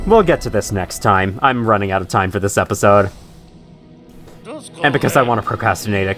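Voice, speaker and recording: A man's voice: lowish voice, lively intonation, brisk, a bit bright, soft background music. A man hosting casual let's-play commentary, swearing often and joking through his frustration. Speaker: gaming channel host.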